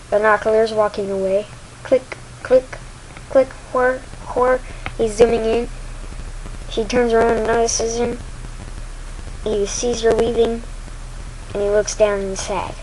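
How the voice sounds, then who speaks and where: A woman's voice: fairly high pitch, level tone, unhurried, long pauses, a little mellow, slight background noise, low-quality recording. A woman casually retelling a video game's story, rambling and adding sound effects. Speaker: game video narrator.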